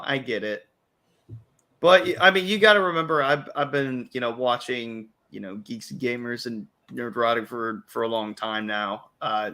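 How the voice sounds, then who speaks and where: Brief: male stream host, bright tense tone, casual rambling chat, lots of restarts. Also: mid-range voice. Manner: rambling, self-interrupting, frequent restarts and quoted asides. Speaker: livestream host.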